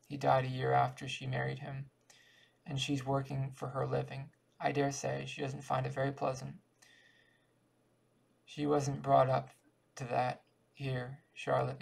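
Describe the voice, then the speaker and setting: A man reading the lines of a stern, proud older woman who speaks grimly, in his own gravelly voice. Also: mid-range voice, darkish tone, rough recording. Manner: grim, clipped.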